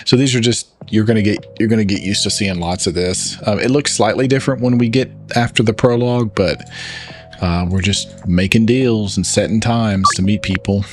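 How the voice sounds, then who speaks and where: A man's voice: on the low side, normal speed, music in the background. A man with a Southern US accent from Arkansas, chatting casually while explaining game controls in a let's play. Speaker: gaming channel host.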